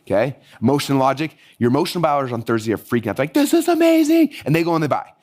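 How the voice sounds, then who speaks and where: Hyped-up, hoarse man teaching fast. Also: mid-range voice. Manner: energetic, hyped-up, rapid-fire. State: hoarse from losing his voice. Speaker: marketing course instructor. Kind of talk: live online workshop teaching.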